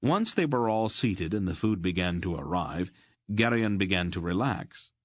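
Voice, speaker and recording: A man narrating a fantasy audiobook in an even, measured storytelling manner. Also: deep voice, dry recording, studio quality. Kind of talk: scripted narration.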